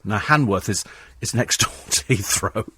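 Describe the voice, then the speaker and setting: A man's voice: fairly low pitch, moderate pace, fairly bright tone, slightly rough. A man hosting a talk radio phone-in, combative and sarcastic as he answers listener texts in a studio. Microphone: studio microphone.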